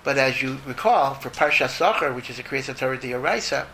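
A man, a rabbi answering a question in an informal talk, thoughtful and lively, mixing in Hebrew and Yiddish terms. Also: mid-range voice, brisk, a little hiss or hum, poor audio.

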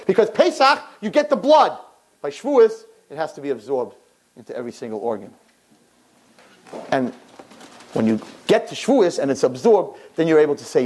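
A woman in her fifties giving a Torah class, animated, rhetorical and fast-talking. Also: low-pitched, slightly rough.

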